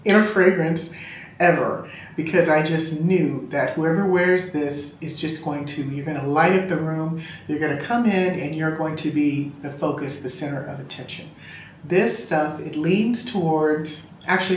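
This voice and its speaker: A woman's voice: low-pitched, slight background noise. A woman reviewing a fragrance in casual chat, a gushing and chatty storyteller talking from a room at home. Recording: roomy room echo.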